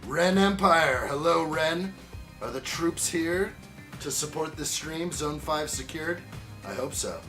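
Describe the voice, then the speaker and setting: A man on the higher side takes his time speaking over background music, cheerfully chatting on his building live stream and saying hello to viewers by name.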